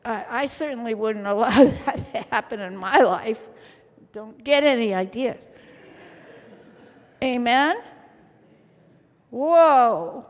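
A woman preaching a sermon in a church, telling the story with lively, theatrical flair. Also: high-pitched. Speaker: pastor's wife preaching. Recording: church hall reverb.

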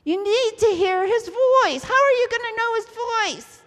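A woman preaching a sermon in a church, telling the story with lively, theatrical flair. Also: extremely high pitch, unhurried, hardly any pauses. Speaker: pastor's wife preaching. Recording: church hall reverb.

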